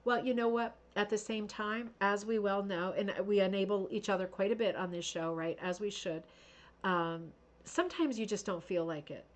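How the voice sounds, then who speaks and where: A woman's voice: medium pitch, moderate pace. Woman host chatting on a craft stream, gushy, lots of um and you know. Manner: chatty and gushing, with many fillers and asides. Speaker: host of a craft show livestream. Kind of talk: casual livestream chat.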